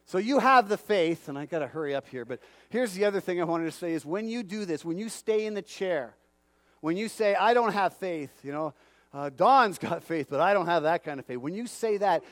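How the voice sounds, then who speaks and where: A man preaching a sermon, animated and calling out to the congregation for responses. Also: on the high side, no room sound.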